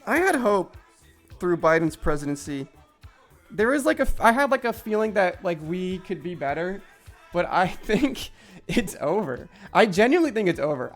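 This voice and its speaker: A man's voice: high voice, animated, fairly quick, faint music behind. A young man streaming, ranting in frustration with heavy swearing and lots of filler words. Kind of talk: casual live-stream chat while gaming.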